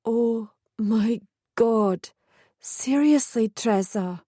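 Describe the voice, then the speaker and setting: A woman's voice: fairly high pitch, extremely slow, mellow, dry recording. A woman voicing an adult aunt who speaks in a tart, dry way.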